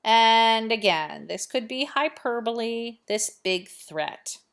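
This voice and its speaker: A woman's voice: a little high, lively intonation, slow pace, gravelly, a bit bright, smooth. A woman teacher explaining a play in a chatty lesson, posing rhetorical questions to her students. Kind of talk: recorded literature lesson.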